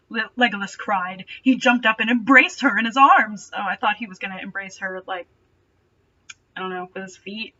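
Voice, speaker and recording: Young woman reader, bright tone, deadpan sarcastic asides, slightly distant, lo-fi home recording. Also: medium pitch, moderate pace, a little hiss or hum. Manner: dry, mocking, deadpan asides. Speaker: reader and commentator. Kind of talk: reading fanfiction aloud with sarcastic asides. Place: bedroom at home.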